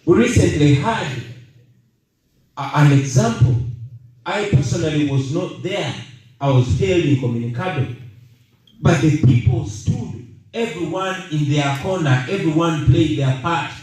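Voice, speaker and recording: A Ugandan man in his thirties giving a rallying speech to an audience, emphatic and deliberate, leaning on repeated key phrases. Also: on the high side, lively intonation, darkish tone. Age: 30s. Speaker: political speaker. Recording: echoey room, voice heard from a distance.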